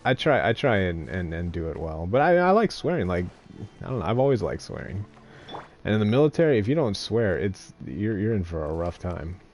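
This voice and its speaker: A man in his thirties talks loosely while streaming a game, circling his point with fillers and restarts and dropping swear words. His voice sits fairly low but swings up and down with lots of life, and he breaks into frequent chuckles. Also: big pitch swings, fairly quick, a little mellow, slight background noise. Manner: rambling, full of fillers and restarts, swears freely; chuckles often. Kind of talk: casual live-stream chat.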